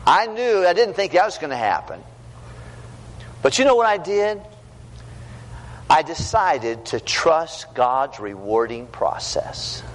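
A middle-aged man preaching to young people, his voice rising and falling with a lively, animated pitch. He tells stories earnestly and shifts between loud and hushed. The sound carries a long hall reverb with a faint hum behind it. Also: takes it slowly, long pauses.

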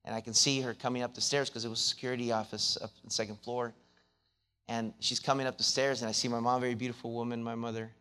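A man preaching from the pulpit, moving from a quiet personal story into a loud, climbing exhortation. His voice sits at an ordinary middle pitch. He stumbles and repeats words as he presses his points. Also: little pitch movement, quick pace, clear, resonant tone. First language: not English. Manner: restarts and repeated words, grows louder and higher when preaching.

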